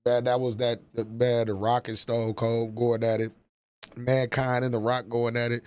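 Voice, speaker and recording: A man's voice: medium pitch, little pitch movement, normal speed, darkish tone, clean tone, dry recording. Man in his forties, livestream host, casual rambling chat, cusses a lot, dry close sound. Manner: profane, rambling, nostalgic storytelling.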